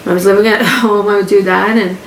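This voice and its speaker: A woman's voice: mid-range voice, fairly even intonation, quick pace. A woman hosting a personal podcast from her living room, talking candidly in a rambling way and often repeating herself. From Canada. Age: adult with grown children. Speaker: podcast host. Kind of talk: casual personal podcast monologue. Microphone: home podcast mic setup. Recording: echoey room with faint background hum.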